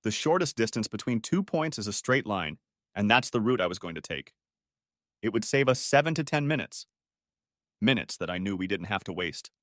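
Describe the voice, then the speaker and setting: A man's voice: fairly low pitch, moderate pace, no room sound. Man with a dry, close voice reading a story. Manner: steady storytelling, first person. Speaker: narrator. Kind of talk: scripted audiobook narration.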